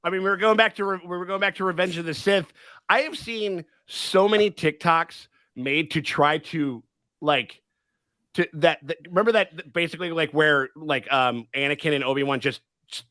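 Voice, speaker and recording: A man hosting a casual livestream chat, excitable and rambling, with many restarts and swearing. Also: a little high, normal speed, no room sound. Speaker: livestream host.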